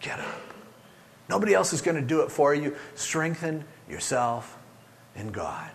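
An older man preaching a sermon as pastor, urging his listeners and swinging from loud pushes to hushed, low lines. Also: lively intonation, normal speed, vocal fry, a little hiss or hum.

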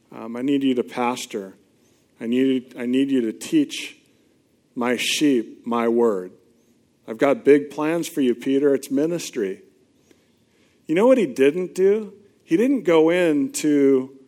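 Guy preaching a sermon, slow and unhurried, middle-pitched, chatty storytelling, repeats key lines. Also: darkish tone. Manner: conversational storytelling, emphatic repetition. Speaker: pastor.

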